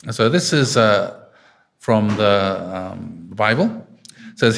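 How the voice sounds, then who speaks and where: A man's voice: fairly low pitch, animated, slow, creaky, a bit bright. A man preaching an informal sermon in an arts centre hall, chatty and full of fillers, stopping often to quiz his listeners. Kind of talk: informal sermon with congregation questions.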